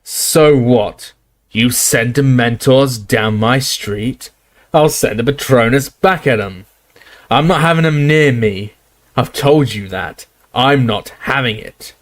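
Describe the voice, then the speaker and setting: A man voicing a gruff, belligerent old barman who bellows and scoffs. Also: medium pitch, unhurried, lightly acted. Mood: defiant, roaring. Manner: bellowing, scornful, defiant.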